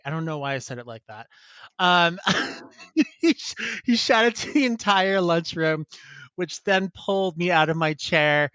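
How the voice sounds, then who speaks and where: A man's voice: on the high side, lively intonation, measured pace, bright, forceful tone, no echo, muffled recording. Chatty giggly man on a podcast. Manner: laughs often, chatty and rambling. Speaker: podcast co-host. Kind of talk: casual chat, reading listener emails.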